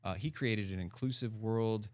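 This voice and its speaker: A man talking as a podcast guest in casual chat, animated and full of fillers and laughs, close to the mic. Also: on the low side, moderate pace, dry recording.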